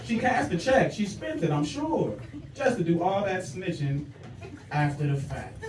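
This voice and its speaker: A man doing a stand-up comedy set in a comedy club, animated and teasing, talking straight to the crowd. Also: high-pitched, measured pace. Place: comedy club stage with a live audience. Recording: echoey club room from far off, loud crowd laughter.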